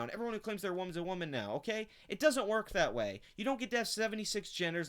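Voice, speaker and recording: A man's voice: high voice, fairly bright tone. A man hosting his own channel, ranting with contempt and heavy swearing as he reacts to an article he reads aloud. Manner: profane, contemptuous, sarcastic. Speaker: channel host. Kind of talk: angry commentary rant.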